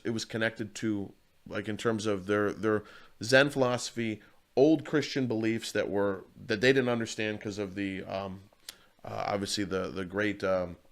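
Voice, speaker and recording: A man talking in a casual interview as a martial arts coach. He tells stories earnestly and rambles, often restarting his sentences. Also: lowish voice.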